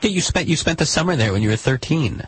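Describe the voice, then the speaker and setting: A man in a comedic sketch, producing a recording, talking in halting, repeated starts while gently insisting. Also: on the high side, expressive, slight background noise, poor audio.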